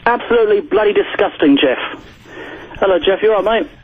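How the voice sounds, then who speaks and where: A man from England with an English accent calling a radio show, quick and emphatic. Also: sits high, husky. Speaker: caller. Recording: dull internet phone line.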